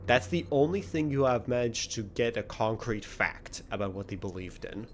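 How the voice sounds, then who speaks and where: A man's voice: medium pitch, expressive, normal speed, a little hiss or hum. A young man narrating as game master, rambling with many fillers and restarts.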